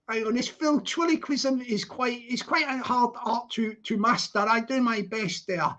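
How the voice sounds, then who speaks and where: A woman's voice: on the high side, moderate pace, hardly any pauses, a bit bright, highs cut off. A woman, rambling through an improvised comic monologue in a giggly, self-mocking way. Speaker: comic performer.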